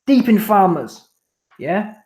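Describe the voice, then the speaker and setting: With a high, very animated voice that's slow and a bit mellow, a man hosts a relaxed live stream for his boxing commentary channel. He reads out viewer messages with slangy, repetitive, easygoing banter, and the audio carries a roomy echo.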